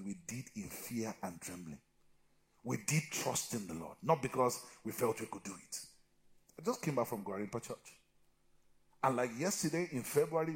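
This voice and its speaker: A middle-aged man preaching a sermon as pastor, swinging from loud shouted exhortation to low, quiet talk and calling for amens from the congregation. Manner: calls for amens and answers from the congregation.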